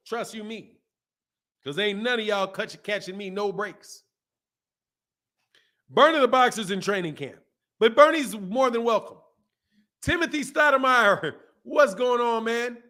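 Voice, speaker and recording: A man's voice: very high-pitched, measured pace, long pauses, sharp tone. A man from the Midwest hosting a boxing live stream, chatting loosely and joking while he reads chat comments aloud. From American Midwest. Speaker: boxing channel host.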